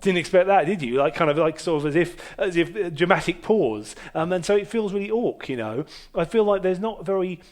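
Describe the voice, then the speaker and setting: A man's voice: high voice, animated, brisk, hardly any pauses. A man hosting a casual chat in a basement room, rambling and hesitant with many fillers and restarts, and a wry, self-mocking humour. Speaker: podcast host and musician.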